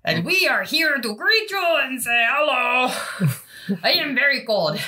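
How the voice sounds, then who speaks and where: A woman's voice: sits high, expressive, unhurried, pushed and bright. A woman playing a tabletop game in character, playful and giggly. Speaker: player.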